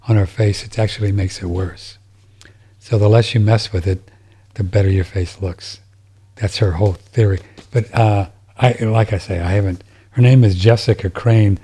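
Low, husky-voiced male podcast host. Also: warm tone. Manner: rambling, with many restarts and fillers. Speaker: podcast host reading listener mail. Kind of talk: casual chat. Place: home, seated in a chair.

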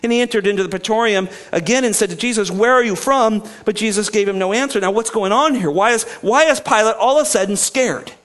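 High-voiced man preaching a sermon. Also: quick pace, few pauses, a bit bright. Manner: reads scripture aloud then explains it, asking the listeners questions. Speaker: pastor.

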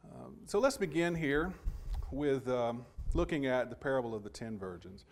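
A man preaching a Sunday sermon and reading scripture aloud, speaking in a measured way with frequent pauses and restarts. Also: medium pitch, lively intonation.

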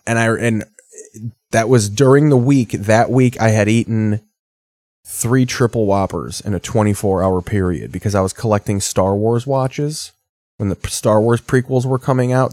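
A man's voice: fairly low pitch, a little mellow, no echo, studio quality. A man in his thirties doing casual, profane, rambling commentary while reacting to TV. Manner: rambling, sardonic storytelling. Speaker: streamer reacting to TV.

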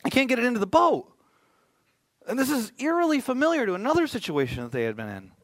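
A man's voice: very high voice, sing-song, fast talker, dry recording. A male pastor preaching a sermon in a conversational way, with joking asides.

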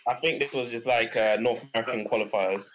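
A man in a casual football chat, measured and explaining things. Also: medium pitch, a loud crowd, rough recording.

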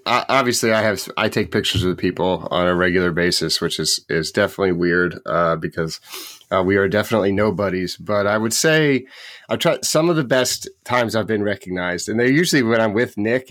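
Man, podcast host, low voice, dry close sound, jokey storyteller, casual chat. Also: a bit bright, no room sound. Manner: joking anecdote teller, laughs often.

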